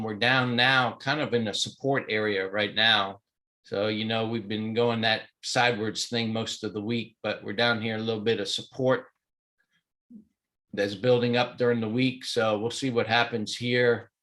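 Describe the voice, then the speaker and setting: A man's voice: fairly low pitch, flat delivery, normal speed, sharp tone. A man with a stuffy, sniffly nose, chatting casually through a live stock market walkthrough at home, rambling with plenty of fillers. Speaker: trading mentor. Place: home in Hawaii.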